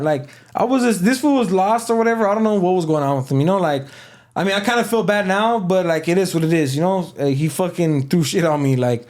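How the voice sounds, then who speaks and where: A man's voice: sits high, brisk, darkish tone. A man being interviewed, telling a long story in a loose, slangy way with lots of fillers. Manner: loose, slangy, rambling delivery with many fillers. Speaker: interview guest.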